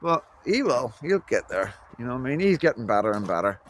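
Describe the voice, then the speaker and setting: A man's voice: medium pitch, big pitch swings, fairly quick. Northern Irish man, rambling to camera. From Belfast, Northern Ireland. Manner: rambling, repeats "you know what I mean". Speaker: vlogger. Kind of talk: casual talk to camera. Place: indoors in Scotland.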